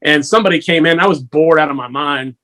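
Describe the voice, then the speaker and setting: Male radio guest, talkative storyteller, a bit high-pitched, laughs a lot. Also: quick pace, sharp tone. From Georgia, USA. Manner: chatty, storytelling, laughs often. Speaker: guest musician. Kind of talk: casual chat.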